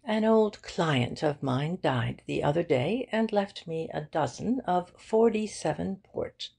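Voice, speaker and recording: Woman reading elderly male solicitor, genteel, precise, old-fashioned, husky, slow. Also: low-pitched, lively intonation, darkish tone, exaggerated voice. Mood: courteous. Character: elderly fussy male solicitor, mild, courteous.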